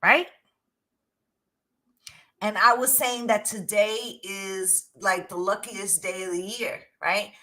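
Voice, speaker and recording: Bright, emphatic woman tarot reader. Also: medium pitch, steady tone, takes it slowly, pauses often, low-quality recording. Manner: emphatic, profane, keeps asking "right?". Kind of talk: casual spoken tarot reading.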